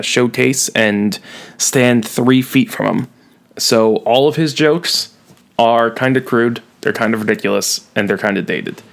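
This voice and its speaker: A man's voice: medium pitch, vocal fry. A man teaching a recorded lesson, playful and jokey, leaning hard on key words. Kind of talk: recorded classroom lecture.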